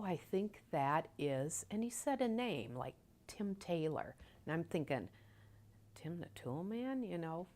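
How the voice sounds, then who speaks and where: A woman telling a personal memory in a halting way, with many fillers and some soft whispered stretches. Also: sits low. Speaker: storyteller recalling a loved one. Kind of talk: personal recollection.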